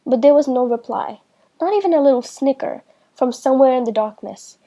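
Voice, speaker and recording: A woman reading a children's storybook aloud in a slow, clear way for beginners. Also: sits high, dark tone, muffled recording. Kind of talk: children's book read-aloud.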